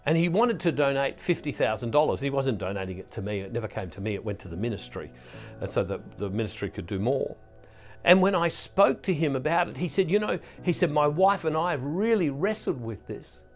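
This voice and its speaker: A man's voice: medium pitch, big pitch swings, a little fast, faint music behind. A middle-aged man giving an earnest sermon as a preacher, often restarting and repeating himself. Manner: earnest, with frequent restarts and repetitions. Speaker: Catholic preacher and ministry founder. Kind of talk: reflective sermon talk.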